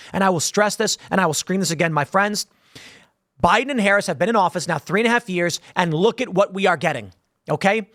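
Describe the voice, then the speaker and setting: A man delivering heated political commentary in a voice that sits a little high for a man. He talks emphatically and wanders between points, acting out other voices as he goes. The recording is close and dry, with no room sound. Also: a bit bright, dry recording. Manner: emphatic, rambling, acts out voices in scenarios.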